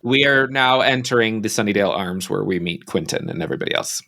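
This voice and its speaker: A man co-hosting a podcast in casual chat, animated, with fillers and casual swearing. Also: fairly low pitch, fast, vocal fry. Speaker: podcast co-host.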